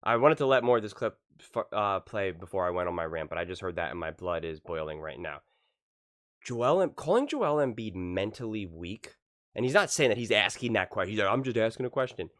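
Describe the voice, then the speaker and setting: A man hosting a sports talk show, reacting to clips in a heated, animated rant that keeps repeating itself and climbs high when he gets indignant. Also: no echo, studio quality. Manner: heated, talks fast, repeats himself, rises to shouting pitch when indignant.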